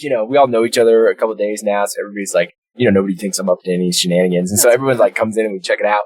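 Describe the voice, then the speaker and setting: Deep-voiced casual male podcast host. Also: racing, breathy edge. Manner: rambling, laughs easily, many fillers. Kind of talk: casual chat, storytelling.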